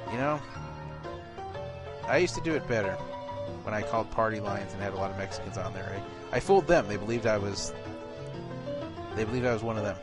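A man's voice: on the low side, expressive, fairly quick, long pauses, music in the background. A man hosting an online radio show in casual chat, rambling and correcting himself.

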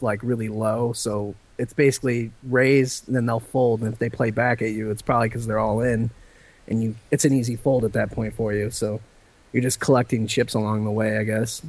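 A man co-hosting a casual chat, laid-back and casually swearing as he talks. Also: mid-range voice.

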